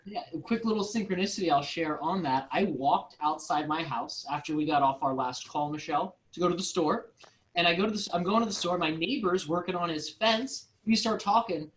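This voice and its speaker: A man's voice: fairly high pitch, brisk, fairly bright tone, poor audio. A man co-hosting a spiritual group call, telling casual stories in a chatty way and laughing often. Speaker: co-host.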